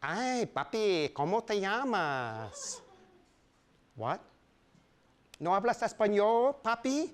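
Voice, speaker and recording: A man's voice: sits high, wildly swooping pitch, voice pushed up, full character voice. A man putting on a sultry salon woman. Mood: teasing flirt. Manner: teasing, drawn-out, sultry. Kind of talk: live storytelling reading.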